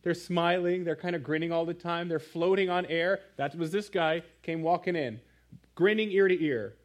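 A man preaching a sermon in church, telling a story with animated asides to the congregation. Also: fairly high pitch, normal speed. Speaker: pastor.

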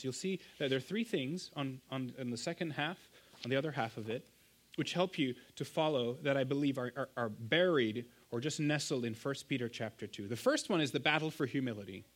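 A pastor in his thirties preaching a sermon, telling family stories with lively rhetorical asides. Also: medium pitch. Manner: animated storytelling, rhetorical "right?" asides.

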